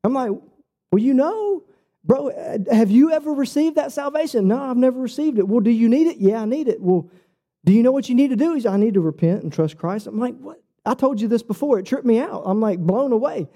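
A man preaching a sermon, telling stories with quoted dialogue in a casual, lively way. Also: extremely high pitch, quick pace. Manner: animated storytelling with quoted dialogue; casual, says "bro" and "like". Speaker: pastor.

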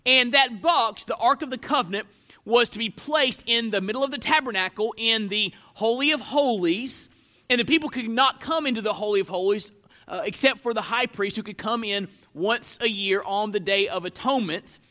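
A man's voice: high-pitched, normal speed, pushed and bright. A pastor preaching an expository sermon, a man who leans hard on key words and lets his voice swell and drop for emphasis.

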